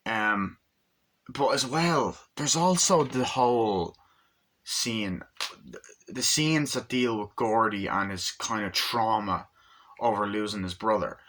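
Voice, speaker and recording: A man's voice: on the low side, measured pace, a bit bright. A young man giving a casual, rambling movie review, full of fillers like "you know" and casual swearing.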